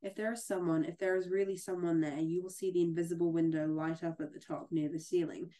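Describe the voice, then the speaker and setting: A woman's voice: fairly low pitch, fairly even intonation, fast talker, close to an everyday voice. A woman reading aloud the lines of a menacing, possessive masked man from a gothic novel. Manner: read aloud from a novel, louder and sharper.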